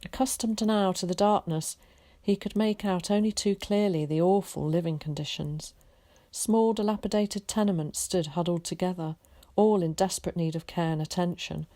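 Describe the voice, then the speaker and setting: A teacher reading a children's story aloud in a calm, steady way. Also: female voice, fairly low pitch, moderate pace, dry recording.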